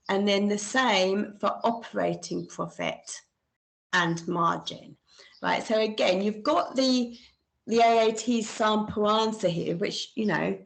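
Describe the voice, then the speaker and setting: A woman walks students through a sample exam at a slow, deliberate pace. Her voice has a gravelly fry to it, sitting at an ordinary middle pitch. She talks informally, thinking aloud and revising her wording as she goes. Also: rough recording. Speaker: accounting tutor. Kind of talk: screen-share exam walkthrough.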